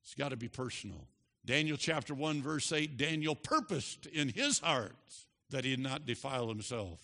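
Gravelly, bright-voiced male preacher. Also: big pitch swings. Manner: emphatic, drawn-out stresses with big swings in pitch and loudness; leads the congregation in repeating a statement. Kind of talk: sermon.

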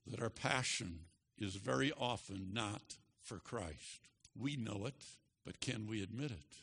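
A man preaching a sermon, moving from quiet emphasis to loud, passionate preaching. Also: medium pitch, long reverb tail.

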